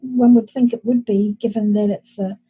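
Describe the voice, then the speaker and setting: Husky-voiced New woman host. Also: medium pitch, steady tone, moderate pace, dark tone, rough recording. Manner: attentive, asks follow-up questions. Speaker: podcast host. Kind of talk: casual conversational interview.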